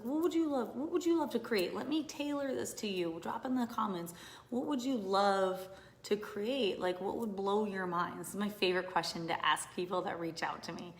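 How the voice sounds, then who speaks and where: A woman coaching in a casual live stream, talking to viewers with hyped energy, dropping into whispers and then bursting into loud exclamations. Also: medium pitch. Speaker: business coach. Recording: roomy echo.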